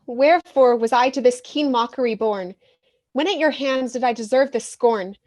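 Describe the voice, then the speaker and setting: A woman's voice: on the high side, normal speed, a little mellow, lightly acted. A woman playing the lovelorn young Helena, speaking verse with pleading emphasis in a community theatre reading.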